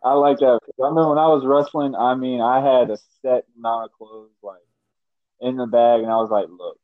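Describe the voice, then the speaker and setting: A man hosts a podcast in an easygoing, chuckling manner, often repeating a word as he gets going. His voice is mid-pitched and recorded close and dry. The sound is muffled and lo-fi. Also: fairly even intonation, a little fast, no echo. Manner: laid-back, chuckling, repeats words. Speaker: podcast host. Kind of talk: casual chat. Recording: dull dry lo-fi mic.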